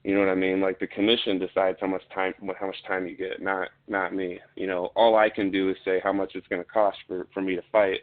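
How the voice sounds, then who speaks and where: Man, blunt, profane, casual storytelling, flat delivery, phone-quality audio. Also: deep voice, brisk, hardly any pauses. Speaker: podcast guest, fighter. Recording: tinny phone-like line.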